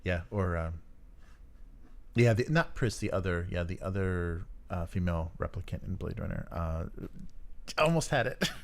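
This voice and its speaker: A man co-hosting a podcast in casual chat, rambling with many fillers and frequent chuckles. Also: deep voice. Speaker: podcast co-host. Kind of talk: casual chat about tabletop games.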